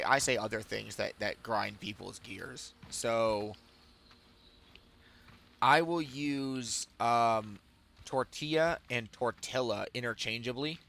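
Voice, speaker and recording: Gravelly man telling rambling stories. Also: fairly low pitch, fairly bright tone. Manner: rambling, self-amused storytelling. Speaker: game streamer. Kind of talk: casual chat while streaming a game.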